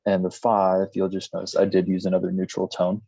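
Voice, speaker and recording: A man teaching a recorded language lesson, reading word lists one item at a time in a plain, steady way. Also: deep voice, a little fast, vocal fry, no echo. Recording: slightly dull lo-fi recording.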